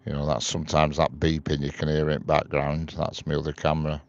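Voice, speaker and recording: A very deep, gravelly-voiced man chats outdoors on a live stream. His delivery stays flat and even as he reads out viewers' comments and answers them one by one. The stream audio is a little dull and lo-fi. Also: brisk, no echo. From England. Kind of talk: casual live-stream chat. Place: outdoors beside a railway line.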